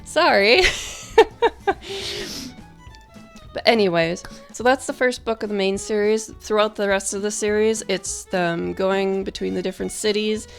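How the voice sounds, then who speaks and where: A woman's voice: medium pitch, fairly even intonation, normal speed, vocal fry, few pauses, faint music behind. A young woman in casual chat, announcing her book in an upbeat, chatty way that pokes fun at herself. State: out of breath at first. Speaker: vlogger and author.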